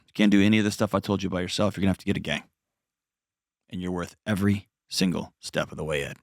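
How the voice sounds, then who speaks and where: On a call-in radio show, a low-pitched host gives life advice at a quick pace, speaking earnestly and plainly to a caller and stressing points by repeating them. A close mic in the studio yields dry, clean sound.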